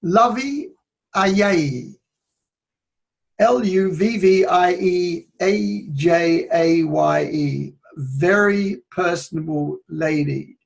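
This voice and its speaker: A man speaks as a public speaking coach in a high, gravelly voice. He talks slowly and conversationally. He often drops from loud to soft and back. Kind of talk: reflective spoken talk on public speaking.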